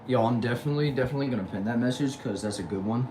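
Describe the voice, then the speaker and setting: A man with a Texan accent reading viewer comments aloud quickly on a casual livestream from a back shed, answering each with a short reply. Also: mid-range voice. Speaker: livestream host reading chat. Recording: noisy background hum.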